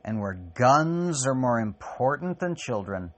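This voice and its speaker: A man delivering a personal spoken essay as a podcast host, halting and raw, with long pauses and swearing. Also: mid-range voice, sing-song. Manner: raw and profane.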